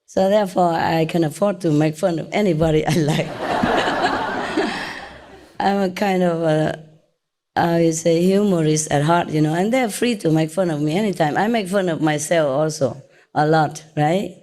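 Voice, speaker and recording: A woman's voice: low voice, normal speed, warm tone, a little hiss or hum. A woman from southern Vietnam with a Vietnamese accent, giving an informal, chatty lecture to followers and checking in with "okay?" and "yeah?". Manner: chatty and teasing, tags questions like okay and yeah. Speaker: spiritual teacher.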